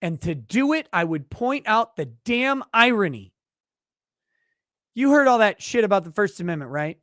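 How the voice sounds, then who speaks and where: A man's voice: high voice, very animated, moderate pace, a bit bright, dry recording, studio quality. A man hosting a legal commentary livestream who rants in a heated, profane way. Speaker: legal commentary show host.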